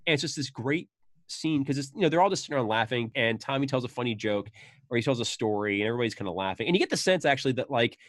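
Kuru bir odada canlı anlatan bir adam. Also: male voice, rapid-fire, no echo, clean studio sound. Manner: animated, acts out quoted lines with sudden high bursts. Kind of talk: casual chat about a film.

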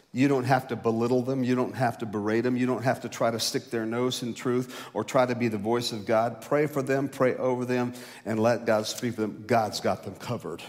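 A male pastor delivering a sermon in a mid-range voice. He climbs loud and high on his key points, then sinks to a low, slow hush. His voice carries a long reverb from a large church hall.

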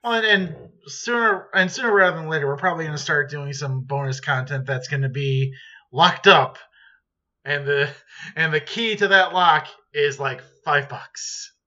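Bright-voiced man cohosting a podcast. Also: on the high side, normal speed, muffled recording. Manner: joking, rambling, swears casually. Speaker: podcast co-host. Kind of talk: casual chat.

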